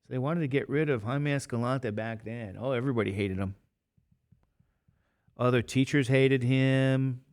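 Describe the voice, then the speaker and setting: A man's voice: mid-range voice, normal speed, a little mellow. A man in his fifties, a math teacher talking casually and rambling to his class between examples. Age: 50s. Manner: chatty, rambling, jokey asides to students.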